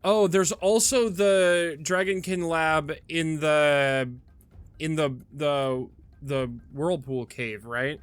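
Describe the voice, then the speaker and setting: A man's voice: a little high, steady tone, slow pace, smooth, no room sound, soft background music. Man thinking aloud over gameplay. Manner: thinking aloud, hesitant restarts. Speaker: gaming video host. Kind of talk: gameplay commentary.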